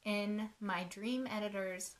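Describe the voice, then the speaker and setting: A woman's voice: mid-range voice, steady tone, slow pace. A woman author in her thirties co-hosting a casual chat, telling self-mocking stories and laughing often. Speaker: podcast co-host, author.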